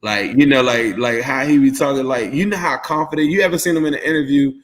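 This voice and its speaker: A man's voice: medium pitch, fast talker. Tired, rambling male co-host. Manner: rambling, heavy use of "like". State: tired from jet lag. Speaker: podcast co-host. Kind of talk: casual sports talk.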